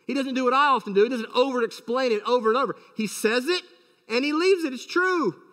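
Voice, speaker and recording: A man's voice: very high voice, a little fast, fairly bright tone, in a large hall. A man preaching a sermon as a pastor, emphatic and full of rhetorical questions.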